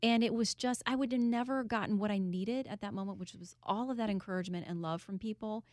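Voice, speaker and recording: A woman's voice: mid-range voice, fast talker, darkish tone, no echo. A woman talks openly and earnestly as an interview guest, her voice sitting in a middle register. The sound is dry and close, with no room around it. Now and then she laughs through the telling. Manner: earnest, candid storytelling with laughs. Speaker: guest, author and TV host.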